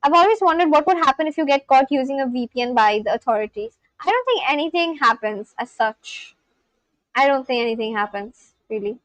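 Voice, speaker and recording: A young woman from India chatting casually on a livestream, reading out viewers' comments and reacting with gushing excitement. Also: high voice, brisk, no echo, rough recording. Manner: gushing, reads chat aloud and reacts.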